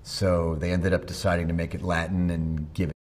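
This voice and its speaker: A middle-aged man, a voice actor being interviewed, telling animated anecdotes and slipping into impressions. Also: low-pitched, brisk, slight background noise. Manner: animated storyteller, slips into impressions. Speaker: voice actor guest.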